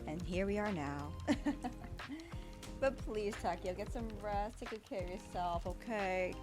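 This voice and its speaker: A woman's voice: medium pitch, unhurried. A woman streamer chatting casually with her chat while she draws, bubbly and a bit chaotic. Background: background music.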